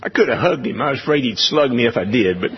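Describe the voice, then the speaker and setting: A man preaching a sermon, speaking in a measured way with many pauses. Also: mid-range voice, animated, slightly rough, long reverb tail, highs cut off. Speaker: pastor.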